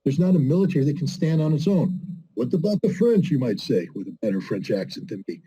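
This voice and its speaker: Brief: male commentator, very dark tone, husky edge, emphatic and scornful. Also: medium pitch, very animated, quick pace, highs cut off. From United States. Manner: emphatic, scornful, fires rhetorical questions. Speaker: guest commentator. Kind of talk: political commentary in a conversation.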